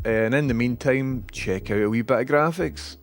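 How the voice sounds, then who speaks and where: A man's voice: medium pitch, moderate pace, faint music behind. A Scottish man hosting a live stream, chatting casually with viewers, with dry asides and some swearing.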